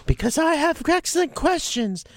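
A man's voice: very high-pitched, very animated, moderate pace, dry recording. A man co-hosting a casual chat show, sick and with a strained, lost voice, joking at his own expense. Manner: self-mocking, joking. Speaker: podcast co-host.

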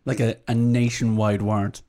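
A man's voice: lowish voice, flat delivery, moderate pace, mellow. A man co-hosting a podcast, throwing in playful comments during casual chat. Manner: playful interjections. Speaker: podcast co-host.

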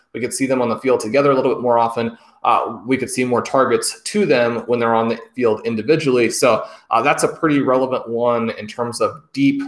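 Chatty man in a roomy-sounding space. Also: mid-range voice. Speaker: podcast co-host. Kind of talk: casual podcast chat. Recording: roomy echo.

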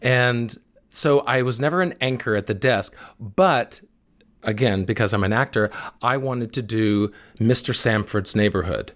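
A male interviewer keeps a casual conversation moving with quick, playful teasing. His voice sits at an ordinary middle pitch. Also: fairly bright tone.

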